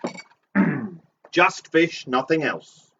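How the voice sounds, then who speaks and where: A man's voice: a little high, very animated, drawn-out words, gravelly, sharp tone, slightly rough. A man co-hosting a live online bingo game, playfully riffing on each called item in casual banter. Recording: muffled, distant mic.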